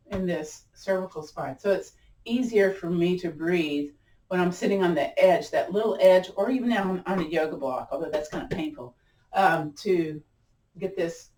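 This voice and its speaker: A woman teaching a gentle yoga class, chatty and encouraging, often laughing at herself. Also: on the low side, reverberant, recorded from a distance, poor audio. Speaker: yoga instructor.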